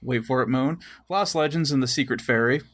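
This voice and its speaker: A man co-hosting a casual gaming podcast, listing titles slowly with fillers. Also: medium pitch, fairly bright tone. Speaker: podcast co-host.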